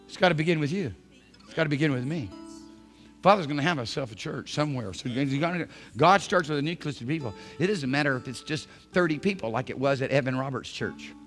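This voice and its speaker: A male pastor preaching a sermon in church, swinging from hushed, intimate phrases to shouted emphasis. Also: on the high side, animated, quick pace, soft background music. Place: church sanctuary.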